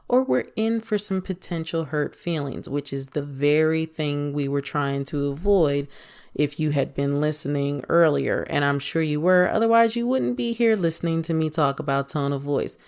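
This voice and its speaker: This is a woman hosting a podcast, her voice sitting low and unhurried. She muses through her ideas in a casual, reflective monologue, often with a wry, self-deprecating edge. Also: clear, resonant tone. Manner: musing, conversational, mildly self-deprecating. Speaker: podcast host.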